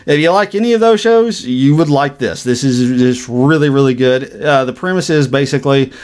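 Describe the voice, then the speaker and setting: A man co-hosting a podcast, chatting casually about TV shows, rambling and correcting himself as he goes, his voice going a little hoarse. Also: mid-range voice, normal speed, a little mellow. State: losing his voice. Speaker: podcast co-host. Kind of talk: casual TV review chat.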